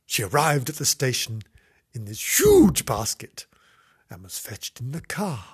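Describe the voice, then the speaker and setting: A man drawling through a children's story as a mock bedtime reading. He is camp and theatrical, with a voice that leaps up and down in wide swings. The tone is husky and breathy. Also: medium pitch, big pitch swings, a little slow. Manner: camp, theatrical, wandering asides. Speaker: comic reader.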